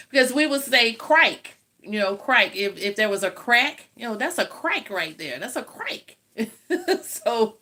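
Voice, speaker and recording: A woman's voice: medium pitch, sharp tone. An older woman with a Southern US accent, chatting and telling stories to live viewers while she eats, laughing often. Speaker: host of a live eating stream. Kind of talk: casual chat with live viewers.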